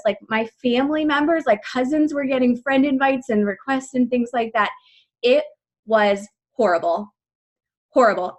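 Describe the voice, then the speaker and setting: A woman in her thirties speaks on a team call in a fairly high voice, her words tumbling out fast and breathless with many "like" fillers. Her voice shakes with emotion as she talks to her team. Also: a bit bright. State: voice shaking with emotion. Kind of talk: casual personal story on a team call.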